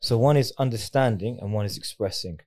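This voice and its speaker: A man's voice: fairly low pitch, fairly quick, darkish tone. A young man co-hosting a reaction video, chatting casually and laughing as he explains things with lots of restarts.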